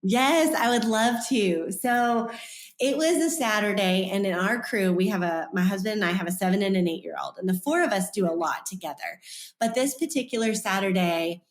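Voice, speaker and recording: A woman in her thirties tells a personal story as a podcast guest, acting out each voice with a lively bounce. Her voice sits mid-range. The room gives it a noticeable echo. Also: medium pitch, normal speed. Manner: animated, acts out quoted voices. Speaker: author and guest.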